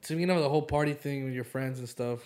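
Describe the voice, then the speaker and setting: A man's voice: medium pitch, fast, darkish tone. A young man co-hosting a casual podcast, rambling with lots of fillers. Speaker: podcast co-host. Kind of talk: casual chat.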